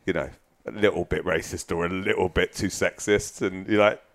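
A low-pitched man chats as a podcast guest. He tells candid stories about himself, pokes fun at himself and swears freely along the way. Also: steady tone, moderate pace, vocal fry. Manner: candid, self-deprecating storyteller who swears freely. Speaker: guest musician. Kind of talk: casual podcast chat.

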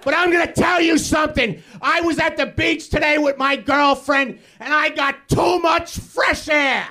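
A male comedian on a live stage, shouting an exasperated, profane rant. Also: extremely high pitch. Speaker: comedian guest.

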